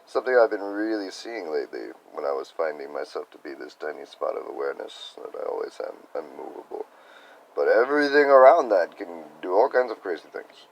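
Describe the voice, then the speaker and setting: A young man talking in a rambling personal video diary about spiritual reflections, sounding congested and tired, soft-spoken and hesitant. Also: low voice, big pitch swings, brisk, vocal fry, rough recording. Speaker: vlogger sharing spiritual reflections.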